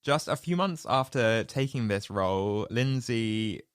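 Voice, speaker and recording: A man co-hosting a casual podcast chat, playful and animated, with sudden jokey squeaks. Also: unhurried, clean tone, dry recording, studio quality. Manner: animated, playful, bursts into high-pitched jokes. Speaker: podcast co-host.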